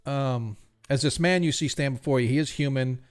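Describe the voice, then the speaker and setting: A man narrating a tabletop game as game master in a casual, relaxed way with many fillers. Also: mid-range voice, normal speed.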